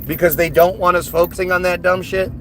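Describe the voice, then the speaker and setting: A man's voice: high-pitched, level tone, brisk, background noise. A man livestreaming a heated, agitated rant, scornful and repetitive as he answers his chat. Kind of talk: heated live-stream rant.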